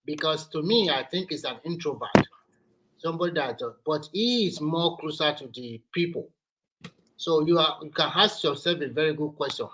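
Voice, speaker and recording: A man's voice: on the high side, sharp tone, a little hiss or hum, low-quality recording. A man in an online political discussion, persistently calling others by name to make his point. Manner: persistent, calls people by name. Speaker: panelist.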